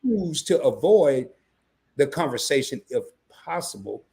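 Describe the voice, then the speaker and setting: Animated husky man, podcast co-host. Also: unhurried. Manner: animated, jumps into a high excited voice when making a point. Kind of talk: casual podcast talk.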